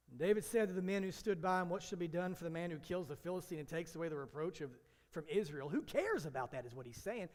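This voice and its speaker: A high-pitched man preaches an animated sermon, slipping into the voices of biblical characters as he tells the story. His voice rings out with a long hall reverb around it. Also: fast, hardly any pauses. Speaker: pastor.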